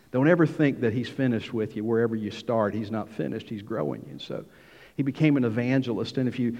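A middle-aged man preaching a sermon, telling the story lively and acting out the dialogue. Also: medium pitch. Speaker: pastor. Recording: dull hall sound with long reverb.

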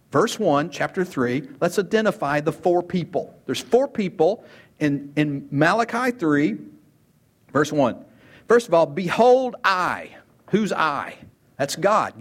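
A man preaching a sermon as pastor, emphatic, asking rhetorical questions and repeating key words. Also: fairly high pitch.

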